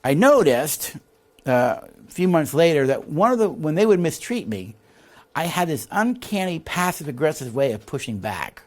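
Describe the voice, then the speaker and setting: A man's voice: on the high side, normal speed. A man teaching a leadership course, explaining ideas, reading passages from the text and checking in with his listeners. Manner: animated, asks the audience for agreement with "all right?" and "see?". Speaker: leadership instructor. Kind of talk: recorded teaching lecture.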